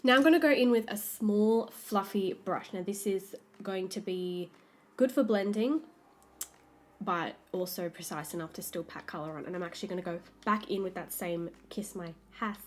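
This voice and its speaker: A woman's voice: medium pitch, moderate pace. An Australian woman, a makeup artist, chatting through a makeup tutorial step by step as she works. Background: soft background music.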